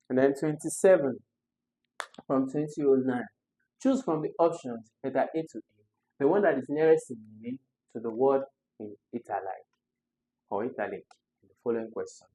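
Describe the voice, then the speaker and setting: A man's voice: mid-range voice, dark tone, low-quality recording. Man walking through exam questions. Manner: explains step by step, repeats key words. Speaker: English exam tutor.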